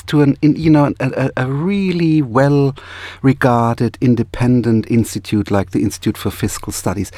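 A man speaking as a guest on a broadcast panel in a halting, earnest way, with many restarts. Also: mid-range voice, darkish tone, no room sound.

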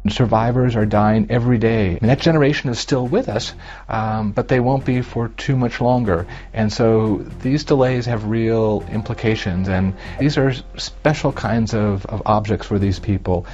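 A man's voice: fairly low pitch, moderate pace, a little mellow. A man giving an earnest interview comment as an art historian, with a few restarts. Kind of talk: recorded interview clip. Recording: dull lo-fi clip.

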